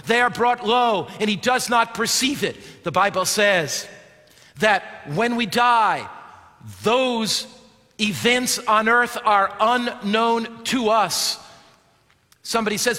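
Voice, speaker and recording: A male preacher giving a sermon, dramatic, swinging from loud calls to hushed, quiet lines. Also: sits high, a little slow. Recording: long hall reverb.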